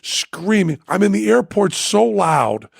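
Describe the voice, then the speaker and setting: Gravelly, animated male storyteller. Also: high-pitched, slow pace, dry recording, clean studio sound. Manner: animated, loud and profane, laughing often. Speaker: podcast host. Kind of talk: comic storytelling.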